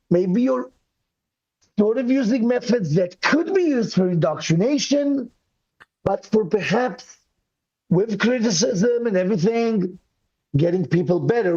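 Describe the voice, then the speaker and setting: A high-voiced man calling in to a live show, talking in a rambling, animated way and breaking off into quick apologies. His voice sounds worn from yelling, and the call audio comes through dull and lo-fi. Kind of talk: casual debate chat.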